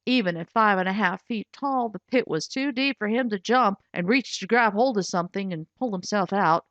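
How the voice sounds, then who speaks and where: A woman's voice: mid-range voice, normal speed, fairly bright tone, dry recording. A woman author reading her own children's storybook aloud, telling it with expression and giving voices to the characters. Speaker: author and narrator. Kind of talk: scripted audiobook narration. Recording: dull lo-fi recording.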